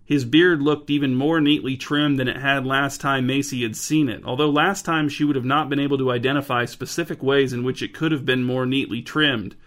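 A man narrating a written story in a deadpan, scripted way. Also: mid-range voice, brisk, hardly any pauses.

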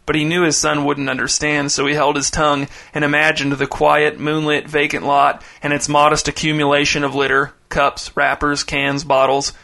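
A man reading a short story aloud in a measured, deadpan way. His voice is bright and slightly high, and his intonation stays flat and even. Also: gravelly. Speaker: narrator. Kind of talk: scripted short story narration.

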